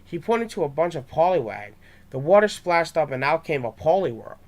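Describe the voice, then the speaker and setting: A man's voice: on the high side, very animated, normal speed. A young man reading his own fan story aloud, with small stumbles and restarts.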